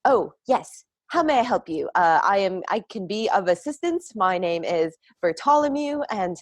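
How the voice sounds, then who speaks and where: A woman's voice: mid-range voice, animated, normal speed, no room sound. A woman voicing a nervous adolescent messenger boy who speaks stiffly and eagerly in a tabletop game.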